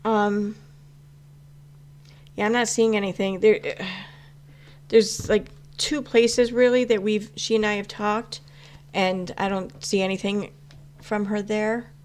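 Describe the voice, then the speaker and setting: A woman's voice: mid-range voice, flat delivery, slow, long pauses, a little mellow. A woman chatting casually on a live stream, answering chat with rambling talk full of fillers and restarts. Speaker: YouTube commentary host answering live chat.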